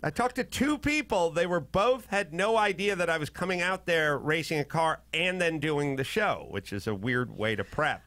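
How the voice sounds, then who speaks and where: A man's voice: on the high side, animated, normal speed, hardly any pauses, fairly bright tone, heavy reverb, rough recording. A man hosting a comedy podcast, riffing in profane, ranting bits. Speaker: podcast host.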